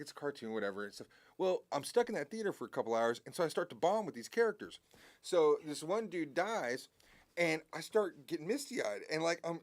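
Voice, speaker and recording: A man's voice: mid-range voice, no room sound. A man talking as a guest musician in a casual interview, rambling and heartfelt, with many restarts and swearing.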